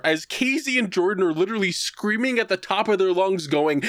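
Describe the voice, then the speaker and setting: A man co-hosting a podcast, telling a long story in casual chat. He is animated and profane, and he slips into put-on voices to act out quotes. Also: high-pitched, normal speed, hardly any pauses, no echo, clean studio sound. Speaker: podcast co-host.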